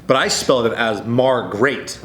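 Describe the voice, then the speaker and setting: A man's voice: mid-range voice, normal speed, echoey room, faint music behind. A man co-hosting a podcast, telling a story in casual group chat, acting out quotes and swearing freely. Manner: animated, acts out quotes, laughs often, swears. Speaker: podcast co-host. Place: podcast studio with several hosts.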